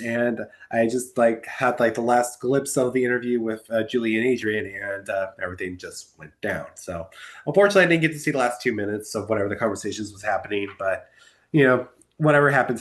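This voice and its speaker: Chatty man recapping a reality show. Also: mid-range voice. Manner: chatty, candid, lots of fillers and quoted reactions. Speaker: podcast host. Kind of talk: casual recap commentary.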